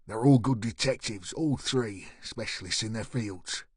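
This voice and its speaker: A man voicing a weary older male police chief who speaks low and pleading. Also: a little slow, breathy edge, dry recording, studio quality.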